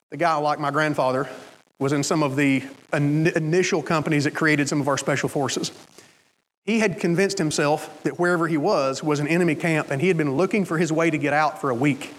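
A male preacher telling a long personal story in a sermon, animated and acting out the voices of the people in it. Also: on the high side. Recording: long hall reverb.

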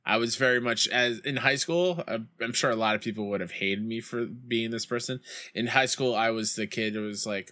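A man's voice: medium pitch, moderate pace, bright, forceful tone. A young man streaming a baseball video game, chatting casually with his chat and telling stories, with outbursts when plays go wrong. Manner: reads chat aloud and tells rambling school stories.

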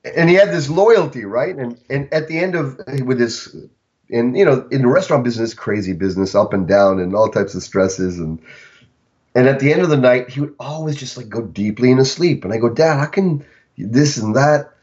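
A man who works as a coach, speaking on a podcast in a reflective, storytelling way and slowing down on key words. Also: mid-range voice, a little mellow. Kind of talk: casual podcast conversation. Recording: dull lo-fi recording.

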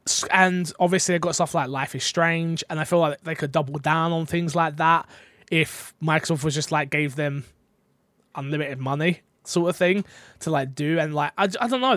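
A man's voice: on the high side, fairly bright tone, no room sound. A man hosting a casual gaming podcast, talking in a rambling, hesitant way full of fillers. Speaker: podcast host.

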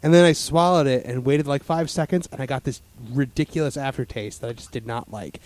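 A man's voice: medium pitch, fairly quick, a little mellow, no echo. A man in casual chat as a podcast host, rambling with lots of fillers and restarts.

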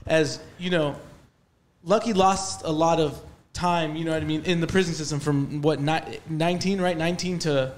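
A man's voice: a little high, fairly even intonation, moderate pace, a little hiss or hum. A man explaining his view earnestly in casual chat as a podcast co-host.

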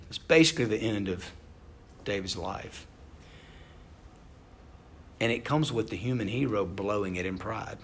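Guy preaching a sermon, gravelly husky voice, chatty and earnest. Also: lowish voice. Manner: conversational, earnest preaching with rhetorical questions. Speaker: pastor.

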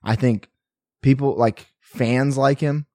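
A man's voice: mid-range voice, steady tone, slow pace, a little mellow, no echo. Young podcast guy, middling voice, swears a lot, super dry close mic. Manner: profane, laughing, loose sports chatter. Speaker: podcast co-host. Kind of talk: casual podcast banter.

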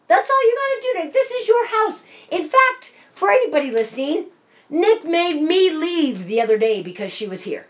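A woman's voice: very high-pitched, big pitch swings, normal speed. A woman co-hosting a casual chat, telling a story animatedly with lots of swearing. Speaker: podcast co-host.

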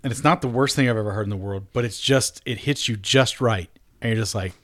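A man talks through an idea in a casual chat, stumbling and restarting as he works toward his point. His voice sits at an ordinary pitch. The recording is dry, with no room sound around him. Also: fast talker, dry recording. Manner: restarts often while building up his point.

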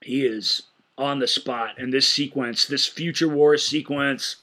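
Bright-voiced enthusiastic man talking films. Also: medium pitch, a little slow. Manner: enthusiastic, animated retelling with frequent stammered restarts. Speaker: podcast co-host. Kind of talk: casual film-discussion podcast chat.

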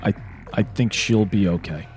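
A man playing a tabletop game, talking bluntly and profanely in quick bursts with frequent restarts. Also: fairly low pitch, over music. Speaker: player. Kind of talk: casual tabletop game play.

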